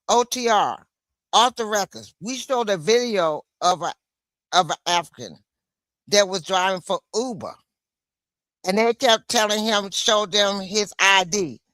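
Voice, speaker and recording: A woman's voice: medium pitch, sharp tone, no echo. A woman from the United States hosting a solo livestream, venting in an impassioned, emphatic way. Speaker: livestream host.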